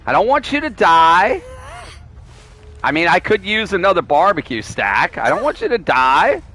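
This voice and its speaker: Lively, bright-voiced man streaming a game. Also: high-pitched, moderate pace. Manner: playful, teasing, pleading with players. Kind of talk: live gameplay commentary.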